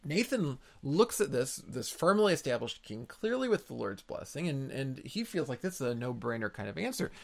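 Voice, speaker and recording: Earnest preacher man, gravelly voice. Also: mid-range voice, sing-song, normal speed, hardly any pauses. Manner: earnest, repeats words for emphasis. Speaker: pastor. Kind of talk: expository sermon.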